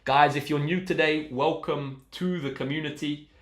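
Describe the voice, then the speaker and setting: A man's voice: fairly high pitch, steady tone, normal speed. A young man tutoring maths on a live stream, chatting in an upbeat, encouraging way. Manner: upbeat and encouraging, reads out chat messages. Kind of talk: casual live-stream chat with viewers. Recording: roomy echo.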